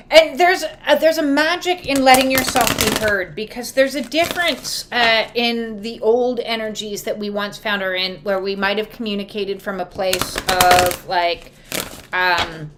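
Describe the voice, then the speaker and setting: Woman with a high voice, frank card reader, swears casually, reads for viewers live. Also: measured pace, background noise. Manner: casual, emphatic, swears freely; acts out quoted voices. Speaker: oracle and tarot card reader. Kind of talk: live spiritual card reading, answering viewers.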